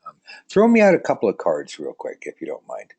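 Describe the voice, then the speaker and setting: A man's voice: lowish voice, huge pitch swings, a little fast, vocal fry, a little mellow, slightly rough. A man teaching tarot in a casual live online lesson, chatty and joking, reading out viewer comments as he rambles along.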